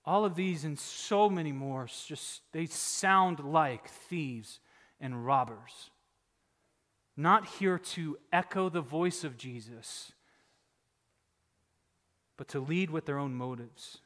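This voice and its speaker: A male pastor preaching a sermon, emphatic, swinging from loud exhortation down to near-whispers. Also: on the high side, measured pace, long reverb tail.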